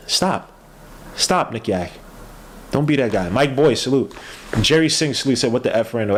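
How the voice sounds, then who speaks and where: Excitable man calling a live game. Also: mid-range voice, moderate pace, pauses often. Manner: excitable, yells at plays, trails off mid-word. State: tired. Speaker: podcast host doing a game watch-along. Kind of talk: casual live play-by-play commentary.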